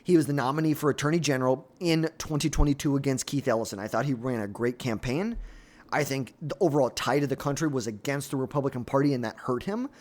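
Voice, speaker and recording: A man's voice: medium pitch, quick pace, darkish tone. A man giving solo political commentary, blunt and opinionated, with exasperated asides.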